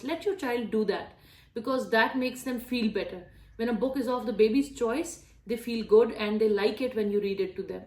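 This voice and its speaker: A young mother giving friendly, explanatory tips on reading to small children in a casual way, with some fillers. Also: on the high side. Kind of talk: casual instructional talk showing books. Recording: roomy echo.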